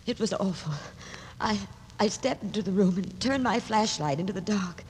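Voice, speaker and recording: A woman's voice: medium pitch, expressive, moderate pace, a little mellow, close to an everyday voice. An actress playing a young woman, a doctor's daughter, in a 1940s radio drama, breathless and often half-whispering. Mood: shaken. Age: young adult. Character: young woman, doctor's daughter, newly engaged, easily frightened. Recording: old radio broadcast with hall reverb and faint hiss.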